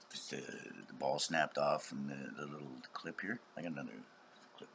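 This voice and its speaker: A middle-aged man in a rambling, profane vlog monologue, dropping to whispers and bursting into shouts. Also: very deep voice, moderate pace, vocal fry, a little hiss or hum. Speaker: vlogger.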